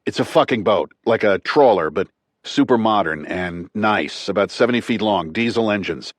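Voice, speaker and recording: A man's voice: lowish voice, expressive, normal speed, dry recording. A man voicing a tough former military man who talks in clipped, urgent, profane bursts. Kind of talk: audiobook character reading.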